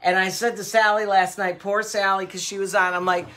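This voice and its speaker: Brisk and barely pausing, this older woman speaks at medium pitch while running a live jewelry sale show. Her casual chat wanders through stories, lively, dotted with fillers and frequent laughter.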